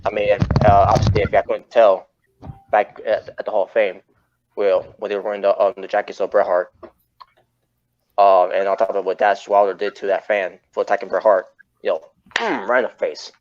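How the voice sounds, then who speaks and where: Low-voiced man rambling on a lo-fi podcast. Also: level tone, brisk. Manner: rambling, self-correcting. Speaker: podcast host. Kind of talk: casual wrestling chat. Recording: muffled lo-fi audio.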